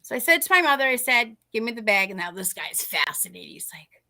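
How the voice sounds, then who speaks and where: A middle-aged woman with a mid-range voice that sounds pushed and bright tells a paranormal story as a podcast guest, speaking briskly and with animation. She keeps it casual and acts out the dialogue of the people she quotes.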